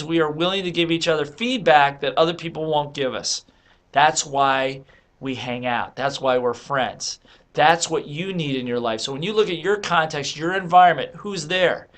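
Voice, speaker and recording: A man's voice: fairly high pitch, fairly bright tone. A man giving an emphatic motivational talk to the camera, coaching listeners with rhetorical questions. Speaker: motivational speaker and author. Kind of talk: motivational monologue.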